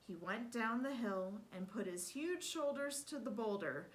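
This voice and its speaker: A woman reading a children's picture book aloud in an expressive, animated way. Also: fairly high pitch, a little slow, hardly any pauses, rough recording. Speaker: storyteller. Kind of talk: children's story read-aloud.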